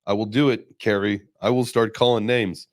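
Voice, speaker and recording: A man with a fairly low voice hosts a casual chat, rambling along loosely with plenty of fillers. The sound is close and dry, with no room around it. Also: normal speed, no echo. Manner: relaxed, rambling, many fillers. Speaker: host.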